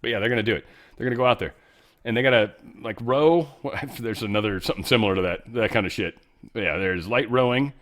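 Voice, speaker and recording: A man's voice: on the low side, quick pace, a bit bright. A man hosting a show, giving casual political commentary in a blunt, rambling way with frequent profanity. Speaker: show host.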